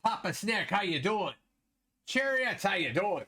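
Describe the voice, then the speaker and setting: A man's voice: sits high, very animated, unhurried, bright, forceful tone, husky. A man from Wisconsin hosting a live stream, chatting casually with viewers while commenting on a board game and laughing often.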